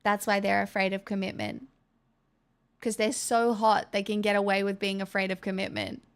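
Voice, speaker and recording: A woman's voice: medium pitch, flat delivery, moderate pace, clean tone. A woman with an Australian accent, chatting casually and playfully with her stream viewers, joking and laughing often. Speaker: live streamer.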